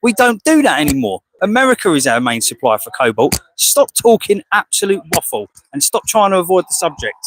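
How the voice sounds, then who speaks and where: A man's voice: high-pitched, very animated, fairly quick, few pauses, dry recording, rough recording. An English man speaking outdoors as an animal rights activist, combative and rhetorical, firing questions and calling people "mate". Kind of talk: heated confrontational monologue. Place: outdoors outside a slaughterhouse.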